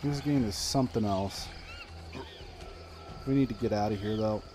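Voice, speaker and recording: A man's voice: fairly low pitch, moderate pace, noisy background. A man streaming a video game, chatting to the characters and yelping in panic when things go wrong, with game sounds audible behind him. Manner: excitable, talks to the game characters, yelps in panic; frequent exclamations and filler words. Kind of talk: live gameplay commentary.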